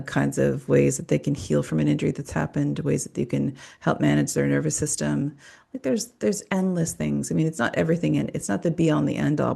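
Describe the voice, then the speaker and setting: In a deep, mellow voice with vocal fry and a breathy edge, a female podcast host rambles casually through a monologue. She curses freely and keeps interrupting herself.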